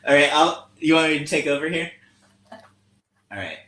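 A man with a lively, bouncing voice reads a children's book aloud over a video call, recorded in an echoey room. He playfully nudges his pitch up or down for the animal voices. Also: moderate pace. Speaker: children's author reading aloud. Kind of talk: storytime reading with chat.

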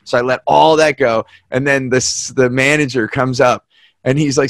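A man with a mid-range voice hosts a podcast at a normal speed, chatting and storytelling with animated impressions of those he quotes. The podcast-mic recording is dry and studio quality.

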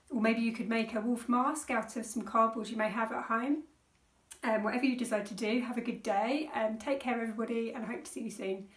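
A woman teacher reading a storybook aloud for children in a gentle, expressive voice. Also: on the high side, echoey room, low-quality recording.

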